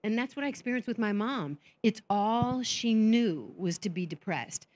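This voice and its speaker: Woman, conference speaker, candid and self-mocking, acts out quotes, somewhat high voice. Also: animated, normal speed, darkish tone. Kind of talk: conference talk.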